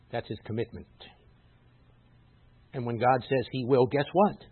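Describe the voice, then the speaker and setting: Rabbi delivering a sermon, slightly husky, emphatic swells, tinny phone-like sound. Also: male voice, medium pitch, normal speed, dry recording. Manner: emphatic, rises loud on scripture quotes, teacherly asides.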